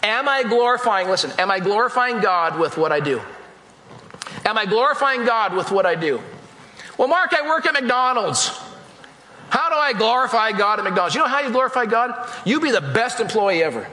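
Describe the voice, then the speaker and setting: A man's voice: high-pitched, lively intonation, a little fast, bright, forceful tone. A male pastor delivering an emphatic sermon in a church, repeating phrases and speaking straight to the congregation. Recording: echoey hall with long reverb.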